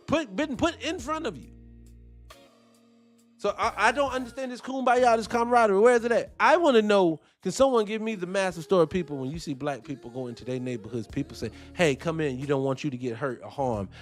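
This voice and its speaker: A man's voice: high voice, expressive, fast talker, faint music behind. A man hosting a commentary show, ranting in a heated, profane, preaching way. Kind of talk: live-stream commentary with viewer shout-outs.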